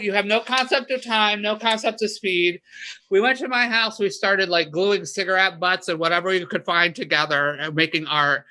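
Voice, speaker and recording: A woman guest on a podcast, chatting casually and telling animated stories that she acts out in loud bursts. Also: medium pitch, a little fast. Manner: animated storyteller, voices her past panic in loud bursts. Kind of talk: casual chat, storytelling.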